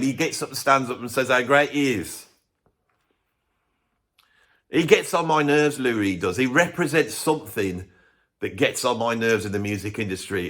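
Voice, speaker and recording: A man's voice: medium pitch, a bit bright. A man hosting a music channel, ranting his blunt opinions in casual talk to camera with chuckling asides.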